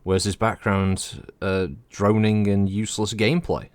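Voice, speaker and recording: A low-pitched man chats his way through a game stream, meandering from thought to thought and swearing freely. His voice sits close and dry on the mic, with no room around it. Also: level tone, measured pace, no echo. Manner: rambling, chatty, swears freely. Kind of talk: casual gameplay commentary.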